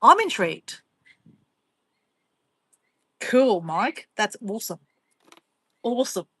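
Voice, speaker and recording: A woman's voice: a little high, sing-song, slow, pushed and bright, breathy edge, dry recording. An Australian woman vlogging in casual chat, rambling and teasing as she reads viewer comments, laughing often.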